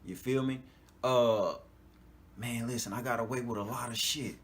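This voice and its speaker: At a moderate pace and medium pitch, a man runs a podcast as a casual monologue peppered with profanity. He laughs often, stays animated, and checks in with his audience with frequent "you know what I'm talking about."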